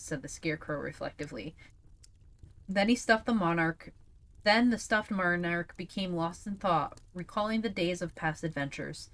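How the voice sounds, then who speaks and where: A young woman reads a classic children's book aloud on a live stream, her voice sitting a little low. She stops now and then for casual, playful asides to her chat. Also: moderate pace, a bit bright. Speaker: streamer reading a storybook. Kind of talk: live stream storytime reading.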